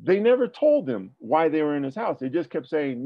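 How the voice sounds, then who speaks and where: Gravelly-voiced man explaining police tactics. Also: fairly high pitch, sing-song, moderate pace, no echo, dull audio. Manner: explanatory, asks rhetorical questions. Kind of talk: spoken training debrief.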